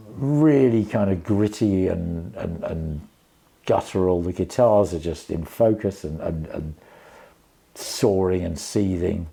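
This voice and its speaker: A man's voice: deep voice, vocal fry, dark tone. A man casually reviewing a vinyl album, rambling with many fillers and restarts.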